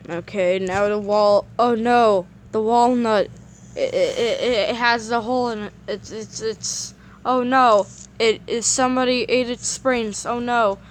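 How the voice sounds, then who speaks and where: An excitable woman chats her way through a game at an unhurried, drawn-out pace. She rambles, trips over her words and repeats herself when things go wrong, then drifts back to easy chatter. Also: fairly high pitch, a little hiss or hum. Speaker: gameplay commentator. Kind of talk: casual gameplay commentary.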